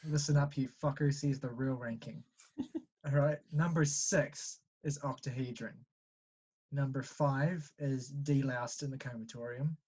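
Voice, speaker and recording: A man's voice: mid-range voice, steady tone, measured pace, darkish tone, breathy edge. A man co-hosting a casual podcast chat, blunt and joking, with swearing. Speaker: podcast co-host.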